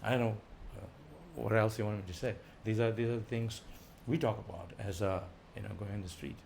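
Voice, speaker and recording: Visiting speaker, male, energetic informal class, light background noise. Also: lowish voice, fairly quick, creaky. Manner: animated, rising loud for emphasis, chuckling.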